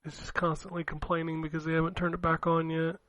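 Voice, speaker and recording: A man's voice: a little high, completely flat delivery, fast talker, fairly bright tone, no echo, rough recording. A man co-hosting a gaming podcast, rambling and laughing as he swears his way through casual chat. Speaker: podcast co-host.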